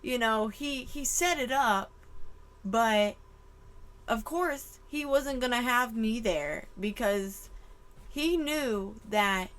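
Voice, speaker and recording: Slow, high-voiced emotional tarot reader woman. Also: a bit bright. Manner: emotional, exclaiming, swears casually. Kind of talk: casual channeled reading to camera.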